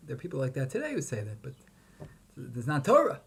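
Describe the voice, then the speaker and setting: A man's voice: mid-range voice, wildly swooping pitch, fast, creaky, husky. A man giving a Torah lecture, posing questions and chanting Hebrew verses with emphasis. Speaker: rabbi teaching Torah.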